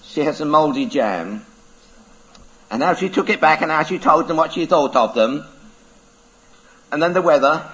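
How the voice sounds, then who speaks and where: A man's voice: fairly high pitch, measured pace, long pauses. A man, a preacher telling a playful story to children. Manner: lively, playful, laughs through the telling. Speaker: preacher giving a children's talk. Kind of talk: animated storytelling. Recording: dull lo-fi recording.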